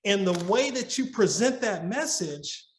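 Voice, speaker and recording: Earnest high-voiced man with roomy echo. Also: animated, measured pace. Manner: earnest, repeats and restarts words while storytelling. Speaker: podcast guest. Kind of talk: conversational advice on marriage.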